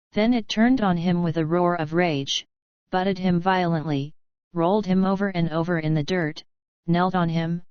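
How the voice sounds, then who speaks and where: A woman narrating an audiobook in a steady, even reading. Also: lowish voice, clean tone, no room sound. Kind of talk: scripted narration. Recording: dry, slightly dull studio read.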